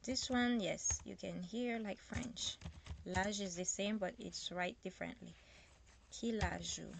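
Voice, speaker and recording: A woman teaching basic phrases in a casual lesson, speaking slowly and hesitantly, with fillers and self-corrections as she writes. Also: medium pitch, gravelly, slight background noise. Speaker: language teacher. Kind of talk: casual lesson while writing.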